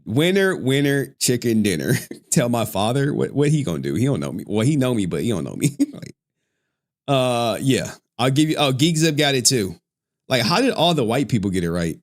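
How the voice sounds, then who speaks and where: A man's voice: mid-range voice, very animated, normal speed. A man hosting a livestream, chatting casually with plenty of profanity and frequent laughter. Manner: joking, profane, laughs often. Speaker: livestream host.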